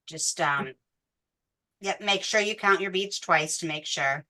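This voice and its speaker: A woman with a low but bright voice walks a class through a beading pattern. She speaks slowly and counts each bead out loud with patience. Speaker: beading instructor. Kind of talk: step-by-step craft tutorial.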